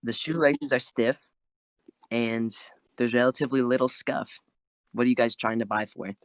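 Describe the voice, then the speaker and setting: Talking from inside his closet, this podcast co-host chats casually with friends, wandering off topic in a playful way and leaning heavily on "like" and "um." He speaks at a normal speed with a medium pitch and fairly even intonation, captured in a dry recording.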